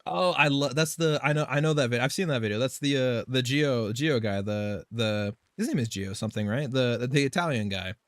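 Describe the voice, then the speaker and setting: A man's voice: mid-range voice, a little fast, few pauses, no echo, studio quality. A man live streaming a game, chatting casually in a loose, rambling way, swearing and laughing often.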